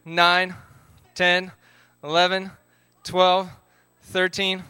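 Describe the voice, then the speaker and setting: Bright upbeat man leading a group game. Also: high voice, completely flat delivery, drawn-out words, clean tone, no echo. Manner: upbeat, calls out counts and instructions.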